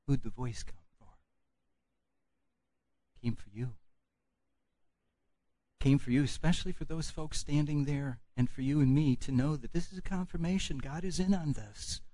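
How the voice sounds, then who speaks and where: A man preaching a sermon with emphatic delivery, swinging from loud proclamation down to hushed, almost whispered lines. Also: mid-range voice, dry recording.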